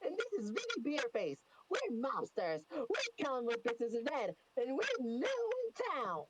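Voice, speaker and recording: A woman reading a storybook aloud over a voice call, halting and repeating lines as she goes. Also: high-pitched, wildly swooping pitch, slightly rough, poor audio. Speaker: reader.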